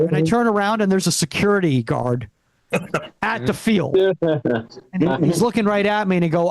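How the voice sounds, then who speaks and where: A man's voice: high voice, animated, normal speed, a little mellow, no echo. A young man doing a rambling stand-up set in a comedy club, with lots of restarts and acted-out quotes.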